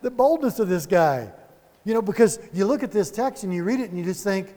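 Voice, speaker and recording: A man leading a Bible study in an animated, conversational sermon style, with chuckling asides and rhetorical questions. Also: sits high, a little fast, long reverb tail.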